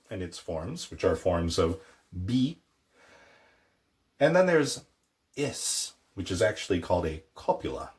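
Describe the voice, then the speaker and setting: A man teaching a casual language lesson, playful, with jokey asides and slow repeated words for pronunciation. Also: lowish voice.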